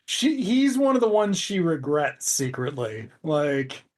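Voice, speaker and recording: A man's voice: fairly high pitch, very animated, measured pace. Sarcastic rambling man co-hosting a podcast. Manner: rambling, profane, sarcastic recaps with trailing asides. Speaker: podcast co-host. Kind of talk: casual podcast chat.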